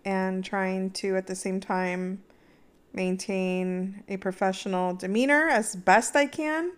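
A woman's voice: medium pitch, steady tone, takes it slowly, clear, resonant tone. A young adult woman co-hosting a podcast, venting candidly in casual chat and laughing easily. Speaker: podcast co-host.

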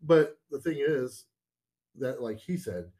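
A man's voice: mid-range voice, expressive, takes it slowly, dark tone. A man co-hosting a movie podcast in casual chat, laughing easily and rambling as he retells scenes. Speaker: podcast co-host.

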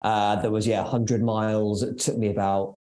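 A man's voice: fairly low pitch, flat delivery, moderate pace, warm tone, roomy sound, poor audio. A man in his forties with an English accent, a podcast guest chatting casually in an upbeat, joking way with lots of fillers. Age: 40s.

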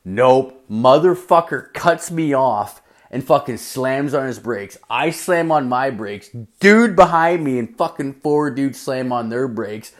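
A man's voice: medium pitch, animated, takes it slowly, hardly any pauses. A young man telling a rambling work story in a casual rant, swearing constantly and leaning on "like".

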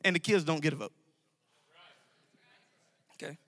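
A man preaching a sermon to a congregation, emphatic and repetitive, with sudden loud outbursts. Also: on the high side, unhurried. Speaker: pastor. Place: church sanctuary. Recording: dry sound with long hall reverb.

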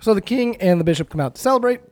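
A man's voice: sits high, lively intonation, very fast, darkish tone, no room sound. A man co-hosting a podcast, casually recapping a performance in a rambling storytelling way and acting out the lines. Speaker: podcast co-host.

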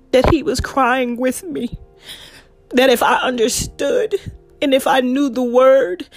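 A woman preaching a sermon, reading scripture aloud and speaking from the heart. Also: high voice.

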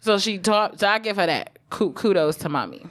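A woman co-hosting a podcast, chatting casually and laughing often. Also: mid-range voice. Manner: lively, laughs often, quick restarts. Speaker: podcast co-host. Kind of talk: casual chat.

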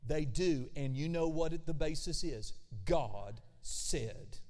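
A man preaching a sermon as pastor, animated, with conversational asides and acted-out voices. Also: a little high, slow pace. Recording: long hall reverb.

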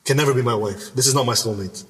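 A man's voice: mid-range voice, quick pace. A man telling a personal story in conversation, emphatic and repeating himself as he goes. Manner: animated, emphatic, repeats words and restarts. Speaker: podcast guest. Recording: reverberant room, mic at a distance.

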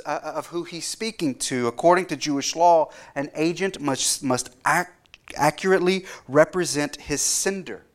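Earnest man preaching a sermon. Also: a little high. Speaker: pastor.

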